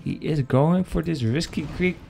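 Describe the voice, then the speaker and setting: A man's voice: on the high side, animated, moderate pace, vocal fry, darkish tone, slightly rough. A man casting a live strategy game match, joking and chatting with his viewers. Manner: joking, chatty, talks to the chat. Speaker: game caster. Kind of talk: live esports commentary.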